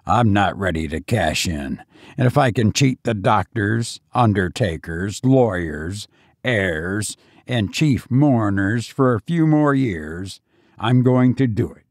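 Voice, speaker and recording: A man voicing a stubborn, defiant old banker on his deathbed, speaking in a gruff, blunt, businesslike way. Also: lowish voice, expressive, slow pace, dry recording, studio quality, full character voice.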